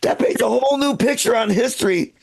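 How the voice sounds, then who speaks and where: A man's voice: extremely high pitch, fairly quick, creaky, darkish tone. A male stand-up comedian from Michigan doing a live set, casual and profane, talking straight to the crowd.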